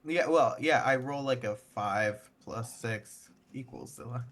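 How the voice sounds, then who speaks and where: A player in a tabletop game, giggly and animated in casual chat. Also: mid-range voice, measured pace.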